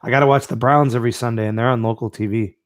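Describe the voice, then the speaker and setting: A man's voice: medium pitch, steady tone, racing, no room sound, studio quality. A man hosting a live-stream podcast in a laid-back way, reading out and answering the live chat with plenty of fillers. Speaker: podcast host.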